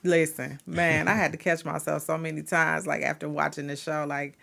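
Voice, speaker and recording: A woman with a Southern US accent co-hosting a casual podcast, enthusiastic and quick to agree. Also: low-pitched, little pitch movement, vocal fry, a bit bright. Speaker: podcast co-host.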